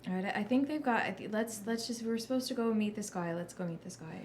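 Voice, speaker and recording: A woman's voice: mid-range voice, fast talker, darkish tone, a little hiss or hum. A woman playing in a tabletop game, talking hesitantly and repeating words as she thinks aloud. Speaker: player. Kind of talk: casual chat.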